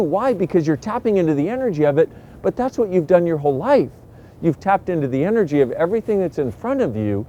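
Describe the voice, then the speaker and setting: A man giving a casual motivational talk to camera, animated and lively, acting out the voices he quotes. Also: a little high, muffled recording. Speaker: self-help speaker.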